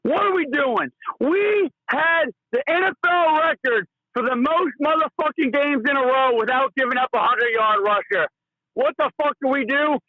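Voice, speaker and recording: Super high-pitched dude calling in, raging and cussing, tinny phone line. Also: male voice, moderate pace, dry recording. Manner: furious, profane ranting. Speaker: caller. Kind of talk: call-in sports talk.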